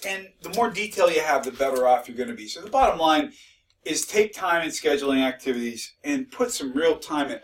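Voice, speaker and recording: Guy teaching a class, kinda sarcastic, bit high voice, mic a ways off. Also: recorded from a distance, rough recording. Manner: conversational, mildly sarcastic, with restarts. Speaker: instructor. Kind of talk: recorded lecture.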